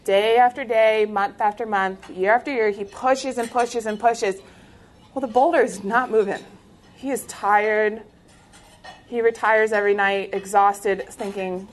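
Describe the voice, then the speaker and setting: A young woman from the United States giving an inspirational talk, telling her story in an animated way with laughs. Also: medium pitch, moderate pace. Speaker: speaker sharing a faith testimony.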